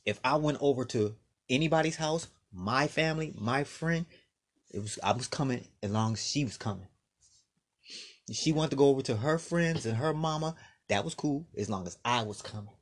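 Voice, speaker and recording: A man in a casual late-night monologue, an animated storyteller who acts out bits of dialogue. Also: mid-range voice, moderate pace.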